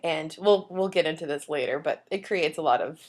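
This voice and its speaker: A woman's voice: deep voice, a little fast. A woman co-hosting a podcast in easy, casual chat. She recaps the plot with a playful, jokey touch, speaking into a studio mic. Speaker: podcast co-host.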